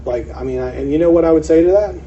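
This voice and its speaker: Brief: male presenter, quick and animated, dark tone, heard from a distance on a dull lo-fi recording. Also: on the high side. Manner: animated, acts out quoted sellers. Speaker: meetup presenter. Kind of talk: casual seminar talk. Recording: distant mic, dull lo-fi sound, faint hiss.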